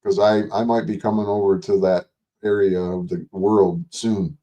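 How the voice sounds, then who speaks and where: A man's voice: on the low side, little pitch movement, normal speed, dark tone, muffled recording. An older man hosting a livestream, rambling casually and profanely while reading and answering chat messages. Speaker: livestream host.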